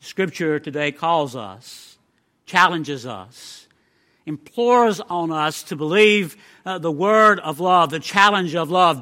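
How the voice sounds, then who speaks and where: A male preacher delivers a sermon in an emphatic way, pausing between phrases. His voice is high and bright, and he takes his time. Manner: emphatic, with measured pauses.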